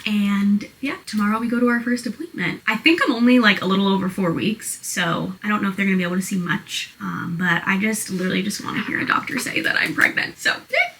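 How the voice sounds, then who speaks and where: A young adult woman chatting to camera at home in a casual vlog, bubbly and excited, with lots of filler "like"s. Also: medium pitch, fast, hardly any pauses, slight background noise, rough recording. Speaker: vlogger.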